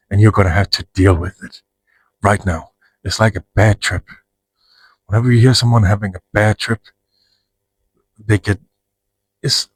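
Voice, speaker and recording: Husky man, frank and rambling. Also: on the low side, no echo, rough recording. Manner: frank, profane, rambling with restarts. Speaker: vlogger. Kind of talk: personal monologue to camera.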